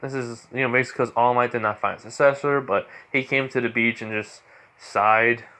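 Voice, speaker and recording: A man's voice: mid-range voice, fairly even intonation, fairly quick, bright, forceful tone. A teenage boy casually narrating a fan story in a rambling way. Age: teens. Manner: rambling, with fillers and restarts.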